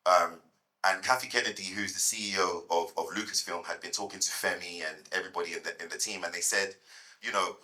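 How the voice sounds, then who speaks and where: A man in his thirties, a guest at a fireside chat, telling lively anecdotes to a live audience and repeating words as he goes. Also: low voice, brisk, rough recording.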